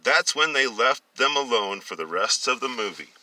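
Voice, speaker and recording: A man's voice: medium pitch, expressive, moderate pace, bright, forceful tone, far from the mic, poor audio. A man reading a novel aloud, often stumbling, restarting and correcting himself. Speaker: story reader.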